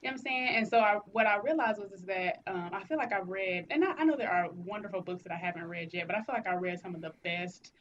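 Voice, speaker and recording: A woman co-hosting a podcast in casual chat, talking in an animated, teasing, slangy way. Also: mid-range voice, fast talker, hardly any pauses, lo-fi sound, a little hiss or hum. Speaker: podcast co-host.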